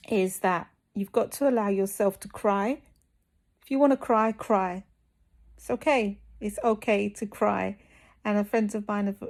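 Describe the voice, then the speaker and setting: A woman's voice: medium pitch, a little mellow. A woman from the UK talking candidly to camera in a vlog, hesitant with many ums and restarts, and tired. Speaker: fitness vlogger recovering from surgery.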